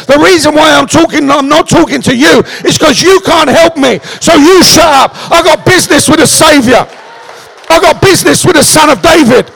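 A man voicing a desperate blind beggar who shouts and insists on being heard. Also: very high voice, creaky, pitched above the performer's own voice, full character voice, poor audio. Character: desperate blind male beggar crying for help.

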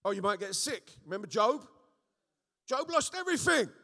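Male preacher, high, gravelly voice, animated, asks the room questions, long hall reverb. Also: moderate pace. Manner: animated, rhetorical, frequent call-and-response checks. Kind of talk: sermon.

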